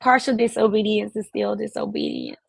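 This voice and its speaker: A woman's voice: mid-range voice, wildly swooping pitch, normal speed, creaky, no room sound, low-quality recording. A woman hosting a live stream as a financial services coach, speaking emphatically with repeated, preacherly phrasing. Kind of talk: motivational live-stream talk.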